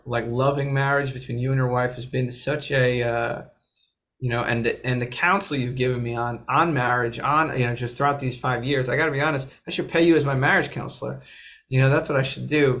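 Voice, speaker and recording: A man co-hosting a podcast who talks in halting stops and starts, full of fillers, in casual chat. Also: mid-range voice, a bit bright. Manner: halting, lots of "you know" fillers. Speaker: podcast co-host.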